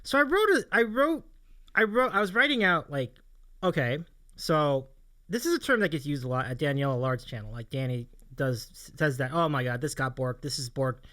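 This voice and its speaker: Animated high-voiced male show host. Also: moderate pace. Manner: animated, laughs often, rambling storyteller. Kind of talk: casual livestream chat.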